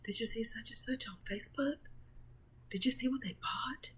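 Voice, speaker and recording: A man putting on the voice of a nosy, jealous coworker who gossips in a hushed, prying whisper. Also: very high-pitched, normal speed, husky, pitched above the performer's own voice, heavily acted.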